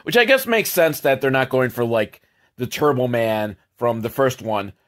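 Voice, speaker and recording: A man giving a crude, sarcastic comedic recap of a movie, swearing freely and jumping up in pitch for emphasis. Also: expressive, normal speed. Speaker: movie commentator.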